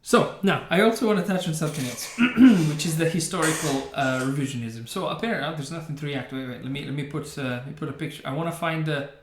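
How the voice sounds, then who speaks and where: A man's voice: a little high, fast, few pauses, a little hiss or hum. A man hosting a game reaction video, giving opinionated, sarcastic commentary and laughing often. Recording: roomy echo.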